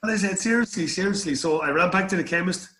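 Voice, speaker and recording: A man's voice: high voice, fast talker, sharp tone. A middle-aged Irish man telling stories in an interview, rambling and repeating words as he goes. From Ireland. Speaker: guest. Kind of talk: storytelling interview.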